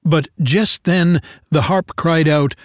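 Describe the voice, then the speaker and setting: A man reading a fairy tale aloud in an expressive, unhurried storytelling manner. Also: a little high, no echo, clean studio sound.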